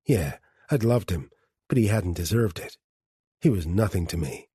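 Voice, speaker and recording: A man reading an audiobook in a measured first-person narration. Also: deep voice, lively intonation, mellow, slightly rough, dry recording, studio quality. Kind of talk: scripted narration.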